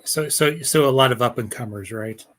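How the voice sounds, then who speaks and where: A man's voice: mid-range voice, moderate pace. A man hosting an interview, asking questions with stumbling restarts. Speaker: interviewer, host. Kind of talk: casual interview.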